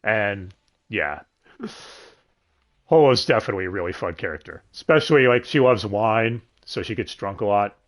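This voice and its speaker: Animated man reviewing an anime dub. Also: lowish voice, normal speed. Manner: animated, swearing, laughs often. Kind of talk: casual chat.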